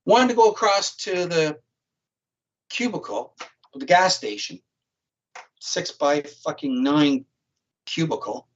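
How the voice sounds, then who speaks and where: A man's voice: on the high side, lively intonation, slow pace, pauses often. Blunt, swearing man telling a story. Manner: blunt and profane, vivid retelling. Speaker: guest, psychic criminal profiler. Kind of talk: casual storytelling. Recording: dull lo-fi stream audio.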